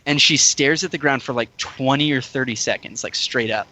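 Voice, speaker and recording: A man's voice: medium pitch, normal speed, bright, forceful tone, low-quality recording. A man on a casual podcast chat, telling a story in a rambling way full of "like" and fillers. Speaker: podcast regular.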